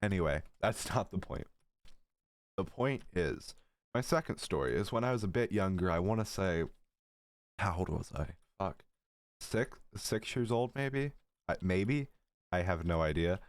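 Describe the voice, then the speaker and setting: Teen boy, deep low voice, giggly, rambling, profane asides, dry throat, casual storytime vlog, dry close sound. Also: animated, a little slow, dry recording. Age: teens. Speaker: storytelling creator.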